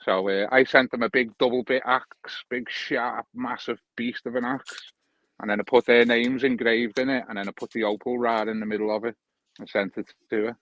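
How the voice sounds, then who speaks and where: A man's voice: medium pitch, fairly even intonation, moderate pace, a bit bright, poor audio. A man guesting on a casual live-stream chat, telling a story in a chatty way and laughing easily.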